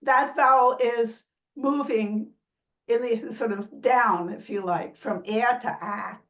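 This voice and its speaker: A woman's voice: on the high side, takes it slowly, fairly bright tone, far from the mic, lo-fi sound. A woman sociolinguist explaining speech sounds in an interview, imitating vowels and laughing lightly as she talks. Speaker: sociolinguist guest.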